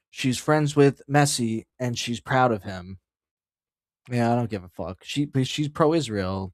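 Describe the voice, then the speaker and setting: Man, livestream host, profane, rambling rant, mid-pitched voice, dry close sound. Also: a little mellow, dry recording. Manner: reads headlines aloud then riffs. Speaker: streamer host. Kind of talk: casual livestream commentary.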